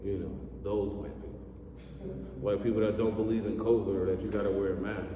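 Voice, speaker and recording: A man in his thirties doing a stand-up comedy set, telling sarcastic, profane stories and jumping his pitch up when he acts out what he said. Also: steady tone, warm tone, a little hiss or hum. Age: 30s. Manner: profane, sarcastic storytelling with quick pitch jumps. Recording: echoey hall, mic far off.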